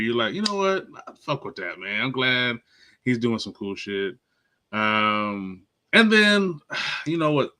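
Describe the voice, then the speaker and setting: A man's voice: fairly low pitch, bright, forceful tone. A man from Nashville co-hosting a casual movie and TV review podcast, ranting emphatically and swearing freely. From Nashville, Tennessee. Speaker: podcast co-host.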